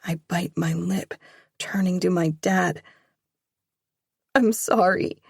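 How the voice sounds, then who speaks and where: A woman's voice: on the low side, flat delivery, a little slow, vocal fry, a little mellow, breathy edge, dry recording, studio quality. A woman narrating a first-person romance audiobook, emotional and pleading in dialogue.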